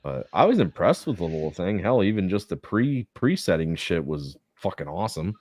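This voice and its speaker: A man's voice: deep voice, very animated, moderate pace, darkish tone, no room sound. A man chatting casually on a podcast, telling rambling stories full of swearing. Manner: profanity-heavy rambling storytelling. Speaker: podcast co-host. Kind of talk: casual chat.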